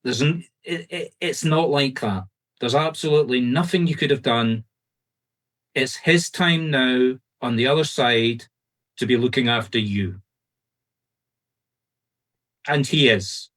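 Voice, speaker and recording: A man with a Scottish accent working as a medium, giving fast, insistent, reassuring readings to a group over a video call. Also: mid-range voice, fairly bright tone. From Scotland.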